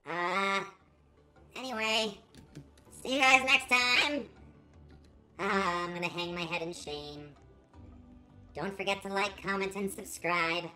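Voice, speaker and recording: Theatrical woman gaming host, bright tone. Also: medium pitch, rough recording. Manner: theatrical, melodramatic mock outrage. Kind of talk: let's play commentary.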